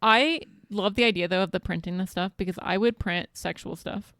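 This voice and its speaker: A woman's voice: mid-range voice, brisk, very noisy. A young woman co-hosting a podcast, chatting casually and laughing often. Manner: laughing, joking. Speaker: podcast co-host. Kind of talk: casual chat.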